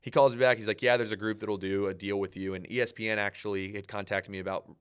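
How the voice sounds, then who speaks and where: A young man, a guest on a talk show, telling a story in a casual, animated way. He fills his talk with "like", acts out his own thoughts and swears casually. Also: fairly low pitch, quick pace, clear, resonant tone. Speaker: podcast guest.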